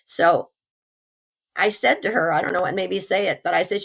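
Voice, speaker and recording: Hoarse woman with a gravelly voice. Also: fairly low pitch, moderate pace, long pauses. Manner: earnest, animated storytelling with small laughs. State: hoarse, recovering from pneumonia. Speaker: interview guest. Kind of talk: telling a personal story.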